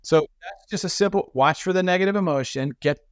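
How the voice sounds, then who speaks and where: A middle-aged man telling stories as a podcast guest, animated and acting out the voices of people he quotes. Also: sits high, a little fast, clean tone, no room sound, clean studio sound. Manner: frequent restarts and repetitions. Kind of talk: conversational storytelling.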